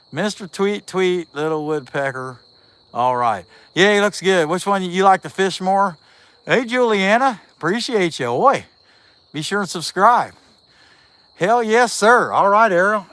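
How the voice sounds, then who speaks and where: A fairly high-voiced man, chatting loosely on a livestream while he works. He rambles in a folksy way, telling stories and answering viewers as they come in. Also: a bit bright, no echo. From Southeast Ohio. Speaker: chainsaw carver and livestream host. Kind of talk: casual livestream chat reading viewer comments.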